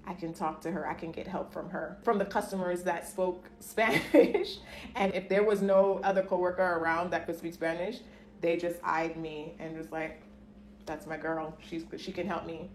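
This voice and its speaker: A woman's voice: on the low side, fairly even intonation, moderate pace. A woman telling personal stories to camera in a casual vlog, chatty, laughing often and acting out the voices of people she quotes. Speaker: vlogger. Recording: echoey room with faint ambient noise.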